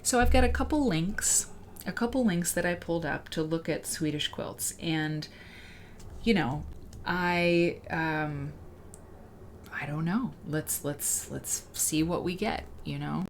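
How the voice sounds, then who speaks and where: A woman hosting a casual livestream, rambling and excitable as she chats and reads out viewer comments. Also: on the low side, measured pace, slight background noise. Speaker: livestream host.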